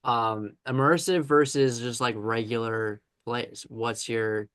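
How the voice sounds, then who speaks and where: A man's voice: medium pitch, fairly even intonation, fairly bright tone, clear, resonant tone. Brief: male podcast host, casual, fumbles into his questions. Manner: halting, stumbling questions. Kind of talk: casual interview.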